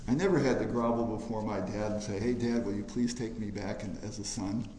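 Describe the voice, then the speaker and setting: A man preaching a sermon in a church hall, emphatic, swelling loud on key phrases and then dropping quiet. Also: lowish voice, brisk, slight background noise.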